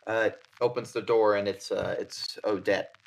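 A man narrating a tabletop horror game as game master, relaxed and hesitant. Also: on the low side, moderate pace, vocal fry.

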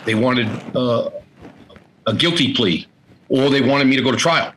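A middle-aged man as an interview guest, candidly telling a personal story in a halting way, often repeating words and quoting family members. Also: medium pitch, a bit bright, slight background noise, rough recording.

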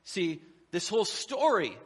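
A man's voice: high-pitched, big pitch swings, unhurried, husky, long reverb tail. A middle-aged man preaching a sermon as a pastor, conversational and humorous, slipping into quoted voices to tell the story.

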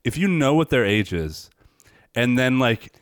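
A man's voice: medium pitch, very animated, no room sound, studio quality. A man in his thirties co-hosting a podcast in casual chat, playful and needling. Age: 30s. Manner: playful, needling and quick to laugh. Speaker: podcast co-host.

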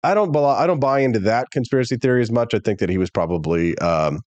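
A male talk show host delivering an animated, opinionated monologue straight to viewers. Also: medium pitch, quick pace, no echo.

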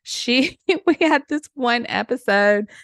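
A woman's voice: on the high side, animated, takes it slowly, a bit bright, no room sound. Lady hosting her podcast solo, gushing and emotional, dead dry sound. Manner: effusive and emotional, with small laughs. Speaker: podcast host.

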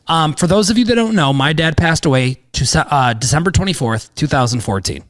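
A man in his thirties hosting a casual podcast, talking in a rambling, excitable way with lots of "um"s and casual swearing. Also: on the high side, brisk. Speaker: podcast host, sports bettor.

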